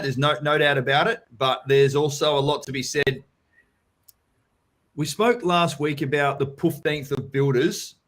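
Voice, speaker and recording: An Australian man in the host's chair of a live property Q&A. He talks straight and matey, drops curse words often, and calls listeners mate and bro. His pitch sits in the middle for a man. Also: fairly bright tone. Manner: blunt, sweary, matey. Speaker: property coach hosting a live Q&A. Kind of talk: casual live-stream chat.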